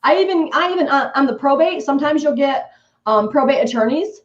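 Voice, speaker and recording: A woman's voice: high-pitched, animated, a little fast. A woman guest coach on a live webinar, talking emphatically and acting out sales scripts. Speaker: guest real estate coach. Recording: echoey, dull lo-fi stream audio.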